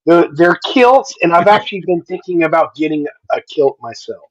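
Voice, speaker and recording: A man's voice: on the high side, lively intonation, moderate pace, no echo. A man joking and needling the others in casual podcast banter. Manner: playful, needling jokes. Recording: dry, muffled call audio.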